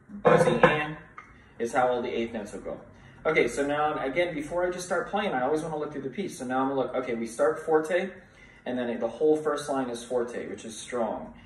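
A man's voice: mid-range voice, recorded from a distance. Man counting drum rhythms in a roomy space. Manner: counts rhythms aloud and chants along; encouraging, coaching students to play along. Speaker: music teacher. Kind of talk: snare drum tutorial. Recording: roomy echo, voice from off the mic.

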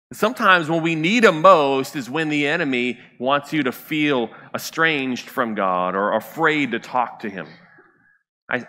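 A male pastor preaches in a church sanctuary, his bright, forceful, mid-range voice trailing off into a long reverb. His delivery is loose and conversational, and he often turns to the congregation with a quick question.

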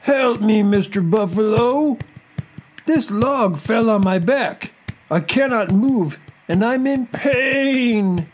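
A narrator putting on a shrill, wailing crocodile. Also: a little hiss or hum. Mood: pained. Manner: drawn-out slow pleading cries. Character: whining high-pitched male crocodile, pained then pleading.

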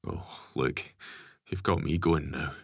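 A man playing a stubborn ex-convict father who talks calmly and plainly. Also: a bass voice, slow, husky, dry recording, studio quality, heavily acted. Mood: resigned. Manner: calm, plain-spoken.

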